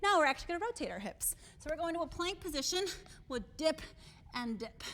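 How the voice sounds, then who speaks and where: Breathless, high-voiced fitness coach woman. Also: brisk. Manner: energetic, encouraging, counting down. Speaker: fitness instructor. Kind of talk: live workout coaching.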